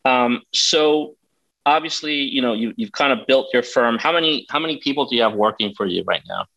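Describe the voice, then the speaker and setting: Bright-voiced male interview host. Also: mid-range voice, a little fast, lo-fi sound. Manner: encouraging, asks long framed questions. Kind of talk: interview conversation.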